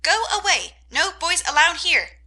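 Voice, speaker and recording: A woman's voice: very high-pitched, expressive, a little slow, pushed and bright, pitched above the performer's own voice, exaggerated voice. A woman voicing a rude male pet parrot that squawks and screeches. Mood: squawking.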